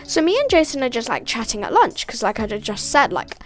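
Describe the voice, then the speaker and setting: A woman's voice: fairly high pitch, very animated, brisk. A teenage girl telling a storytime vlog, chatty and full of "like", acting out bits of dialogue.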